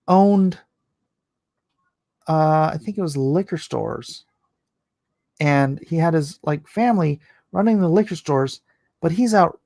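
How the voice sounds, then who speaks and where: A man hosting a casual late-night livestream, rambling and opinionated, his voice going hoarse. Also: high-pitched, a little mellow, dry recording. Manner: rambling, opinionated, restarts often. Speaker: livestream host reading chat.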